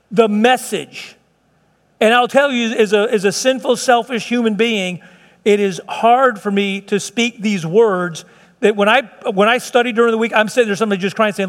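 Preaching to his congregation, this pastor has a high, slightly bright voice and a fervent, conversational style full of repeated phrases and restarts. His words trail off into a long reverb that fills the sanctuary.

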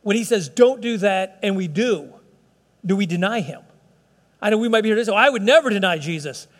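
A man preaching a sermon as pastor, impassioned, swinging from loud emphasis to quiet asides. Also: high voice, expressive, brisk. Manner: impassioned, rising and dropping sharply for emphasis. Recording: reverberant hall.

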